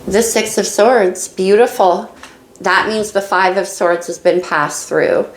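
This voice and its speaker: A woman's voice: mid-range voice, fairly even intonation, slow pace, roomy sound, low-quality recording. A woman doing a casual tarot reading, musing and thinking aloud as she turns each card. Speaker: tarot reader.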